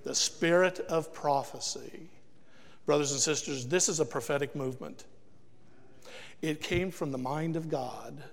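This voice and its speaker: A man's voice: a little high, unhurried, gravelly, big-room sound. A man preaching a sermon to a congregation, emphatic and throwing rhetorical questions at the listeners, recorded in a church. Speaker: guest preacher. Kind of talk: sermon with altar call.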